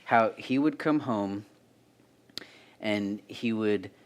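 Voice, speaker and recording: A man co-leading a church marriage workshop, sharing a relaxed anecdote about priorities. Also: on the low side, slow.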